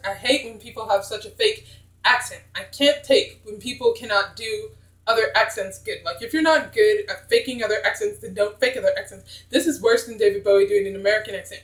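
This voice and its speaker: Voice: medium pitch, a bit bright, echoey room, poor audio. A young vlogger chatting casually about old movies in a rambling, blunt way. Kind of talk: casual movie-review vlog.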